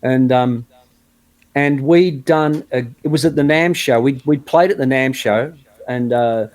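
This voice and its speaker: A man's voice: medium pitch, a little slow, darkish tone. Chatty man telling a story. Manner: chatty anecdotal storyteller, frequent restarts. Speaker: guest guitarist. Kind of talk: casual storytelling interview.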